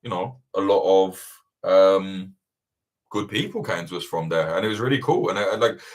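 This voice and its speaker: A young man hosting a livestream Q&A, chatting casually, swearing a lot and ranting with animated energy. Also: deep voice, normal speed. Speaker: livestream host answering viewer questions. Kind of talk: casual chat.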